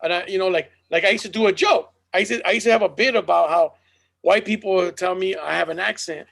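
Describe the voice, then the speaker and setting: High, gravelly man chatting casually. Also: quick pace, fairly bright tone. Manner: loose, profane, joking. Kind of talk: casual chat.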